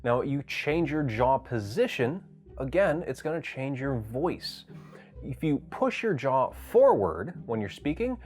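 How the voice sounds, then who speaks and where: A man's voice: mid-range voice, big pitch swings, measured pace, a little mellow, faint music behind. A man teaching voice acting in a casual video tutorial, demonstrating each technique as he explains it.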